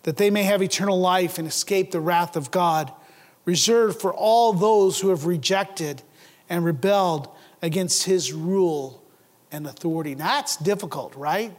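A high-pitched man preaches a sermon with earnest conviction. He stumbles over his openings, doubling words, and he presses his listeners with rhetorical questions. His voice rings out with a long reverb, as in a large church sanctuary. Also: moderate pace. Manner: earnest, asks rhetorical questions, repeats words when starting a phrase. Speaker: pastor.

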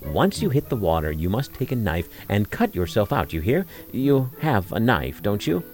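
A man voicing a cunning, quick-witted village shoemaker who talks his way out of trouble. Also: lowish voice, very animated, faint music behind. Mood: persuasive. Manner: wheedling and persuasive, cries out loudly when tricking.

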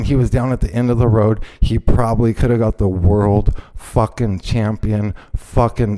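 A man with a low, dark, mellow voice tells a story in a heated, profane rush. He keeps breaking into loud acted-out quotes of what he shouted. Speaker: podcast host. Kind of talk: casual chat, storytelling.

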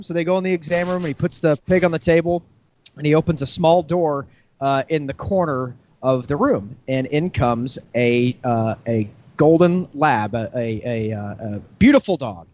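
A man's voice: moderate pace, darkish tone. Man telling a long joke, muffled sound. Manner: storyteller, jumps to high voices for characters.

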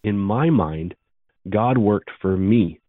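A man in his thirties, a podcast guest telling his life story earnestly and briskly. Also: on the low side, expressive, no echo. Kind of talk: storytelling interview. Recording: dry phone-like audio.

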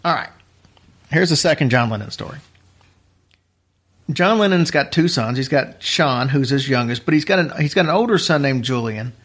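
A man's voice: medium pitch, lively intonation, normal speed, long pauses, fairly bright tone. Chatty man telling a story. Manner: rambling, chatty, restarts sentences, uneven pace. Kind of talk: casual storytelling.

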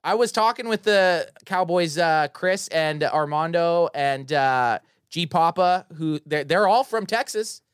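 Lively, joking Canadian man. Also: on the high side, measured pace, few pauses, smooth, dry recording, studio quality. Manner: joking, swearing, laughing often. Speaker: podcast co-host. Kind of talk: casual chat.

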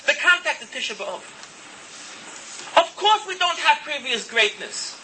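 High-voiced impassioned male preacher. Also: pushed and bright, slight background noise, low-quality recording. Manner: earnest, impassioned, mixes Hebrew terms into English. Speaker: religious speaker. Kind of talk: sermon.

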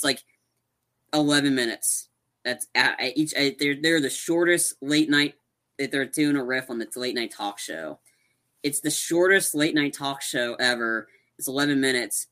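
Speaking at a moderate pace, this man has a mid-range voice that sounds pushed and bright. He co-hosts a podcast and chats casually through a movie recap, rambling animatedly with lots of restarts.

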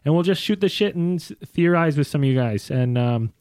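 A man's voice: on the high side, lively intonation, brisk, a little mellow, clear, resonant tone, no echo, clean studio sound. Joking Canadian man on a podcast. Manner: joking, playful, reads chat messages aloud. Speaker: podcast co-host. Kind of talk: casual chat. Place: home recording studio. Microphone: studio mic.

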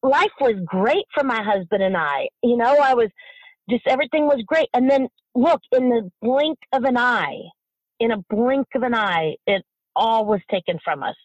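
A middle-aged bereaved mother, a guest in an emotional interview, speaking passionately and haltingly, repeating herself, at times near tears. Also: a little high, lively intonation, no room sound, muffled recording.

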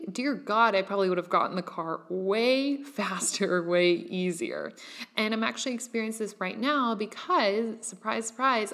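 A woman's voice: medium pitch, fairly bright tone. A young woman hosting her own podcast, talking casually and with animation, full of "like" fillers and the odd laugh. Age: young adult. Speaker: podcast host. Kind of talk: casual solo podcast monologue.

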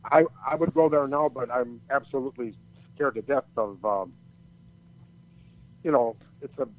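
An older man spins a loose, meandering story in casual conversation, his speech full of cursing and false starts. His voice sits at an ordinary pitch. The sound is thin and tinny, like a phone line. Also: moderate pace. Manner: rambling, profane, many restarts. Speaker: storyteller guest.

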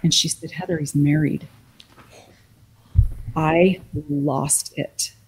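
A woman recounting her own story in an interview, her voice husky and breathy with a gravelly edge. She slips into the voices of the people she quotes, giving the telling an animated, conversational pull. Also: low-pitched, slow. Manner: animated retelling, acting out quoted dialogue. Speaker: guest.

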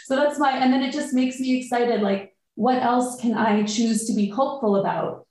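A woman chatting casually on a podcast, telling an animated story and acting out her own inner thoughts. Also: a little high, moderate pace, heavy reverb, low-quality recording. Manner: animated storytelling, quotes herself.

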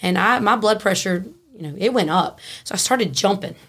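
A woman, a podcast guest telling a story in a frank, animated way and laughing easily. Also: mid-range voice, normal speed, slightly rough. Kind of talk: casual storytelling.

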